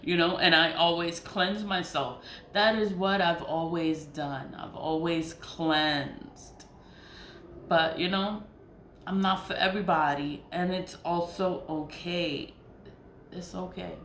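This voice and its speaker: A woman's voice: on the low side, steady tone, slow pace, a bit bright. Blunt, profane woman in an echoey room. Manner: blunt, profane, repeats herself for emphasis. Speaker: spiritual vlogger. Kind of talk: casual monologue. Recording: echoey room with faint noise.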